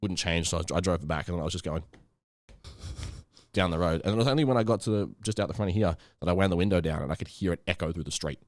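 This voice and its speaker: A man chatting casually as a podcast co-host, telling a quick story and teasing his co-host. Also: low-pitched, no room sound. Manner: rapid, lively storytelling with teasing asides. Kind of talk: casual chat.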